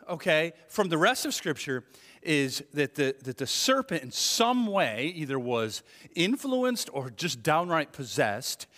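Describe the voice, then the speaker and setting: A man's voice: fairly high pitch, a bit bright. A man preaching a sermon as pastor, talking in a conversational way and acting out the voices he quotes. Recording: long hall reverb.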